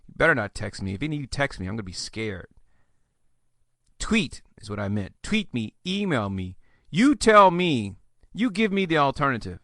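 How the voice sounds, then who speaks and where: A chatty man runs his own advice podcast, joking and rambling through listener questions. His voice is bright and forward, set at an ordinary male pitch. The recording is dry and close, with no room sound. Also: very animated, normal speed, no room sound. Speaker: podcast host. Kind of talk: solo podcast advice monologue.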